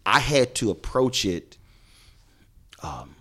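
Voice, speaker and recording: This Houston journalist, a middle-aged man and show host appearing on a podcast, has a mid-range, fairly bright, husky voice with big pitch swings. He takes his time telling emphatic career stories in a conversational way, acting out the dialogue he quotes.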